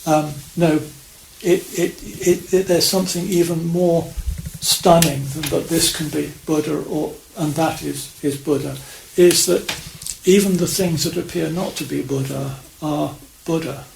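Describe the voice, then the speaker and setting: Halting, gravelly-voiced Zen priest. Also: male voice, fairly high pitch, steady tone, a little mellow. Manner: halting, many restarts and fillers, reflective. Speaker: Zen priest giving a Dharma talk. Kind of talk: unscripted Dharma talk. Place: meditation hall of a priory. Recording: echoey room with faint hiss.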